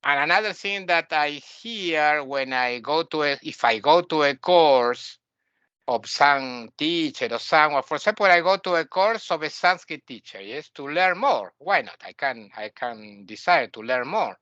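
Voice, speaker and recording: Man, blunt opinionated lecture, bright tense voice, dry dull recording. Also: a little high, animated, unhurried, clear, resonant tone, dry recording. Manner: blunt, opinionated, repeats himself. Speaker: spiritual teacher. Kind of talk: spoken lecture.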